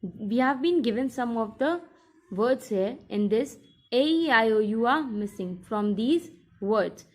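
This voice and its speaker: Woman teacher, recorded lesson, slow deliberate delivery, repeats each instruction, fairly high voice. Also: animated.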